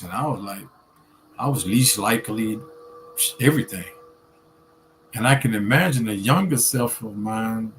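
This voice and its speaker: A man, a student minister, talking as a guest in a casual storytelling interview, relaxed and conversational with many fillers. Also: lowish voice, a little hiss or hum.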